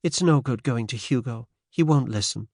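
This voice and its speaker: A man's voice: medium pitch, moderate pace, a little mellow, dry recording, clean studio sound, lightly acted. A male narrator voicing a determined American woman of about thirty with a faint American accent, earnest and worried. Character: determined American wife and mother around thirty. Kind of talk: audiobook character voice.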